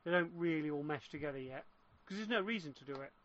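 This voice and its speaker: Guy rambling on about a game, kinda high voice, muffled lo-fi sound. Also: animated, quick pace, fairly bright tone, slight background noise. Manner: rambling, explaining at length with restarts. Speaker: gamer in casual chat. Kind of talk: casual chat. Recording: muffled lo-fi voice chat.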